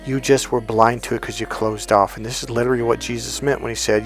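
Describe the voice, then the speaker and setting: A man's voice: mid-range voice, flat delivery, quick pace, faint music behind. A middle-aged man, a dating coach, telling a story to camera in a blunt way, swearing freely and acting out what people said. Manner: blunt, swears freely, acts out quoted lines.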